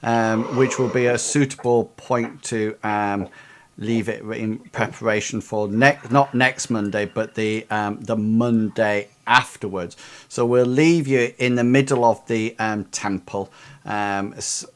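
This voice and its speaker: A man hosting an online tabletop game stream as game master, speaking haltingly with many fillers as he wraps up. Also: fairly low pitch, steady tone.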